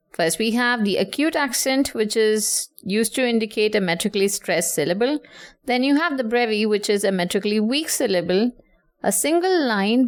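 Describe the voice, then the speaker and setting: Patient woman teaching a lesson. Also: mid-range voice. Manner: clear, patient, stresses syllables to show rhythm. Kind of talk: explanatory lesson.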